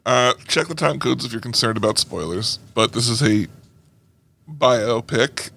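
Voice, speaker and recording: A man's voice: mid-range voice, gravelly. A man co-hosting a casual movie podcast, asking questions and teasing his co-host. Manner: teasing, animated, quick to laugh. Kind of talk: casual chat reviewing a movie.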